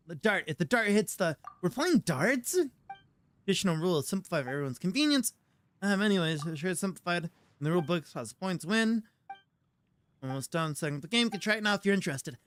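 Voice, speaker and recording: A man streaming a game as a VTuber, chatting casually, exasperated and stumbling over words. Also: high-pitched.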